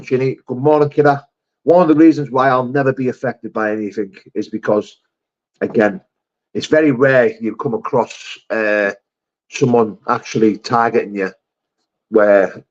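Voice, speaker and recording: A man's voice: medium pitch, darkish tone, highs cut off. Blunt man chatting. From England. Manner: chatty, blunt, sweary, calls viewers mate and brother. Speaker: livestream host reading chat. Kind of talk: casual live chat.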